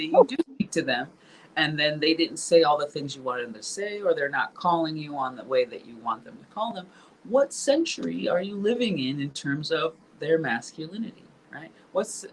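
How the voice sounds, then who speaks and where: A woman hosts a casual podcast chat and talks in rhetorical questions. Her pitch rises and falls a lot as she talks. A faint background noise sits under her voice. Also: very animated, normal speed, rough recording. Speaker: podcast host.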